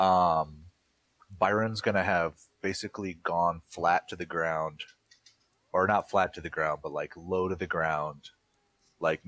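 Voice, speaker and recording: A man's voice: deep voice, fairly bright tone, dry recording. A man playing a tabletop roleplaying game, casually thinking aloud about what his character does, with fillers. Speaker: player.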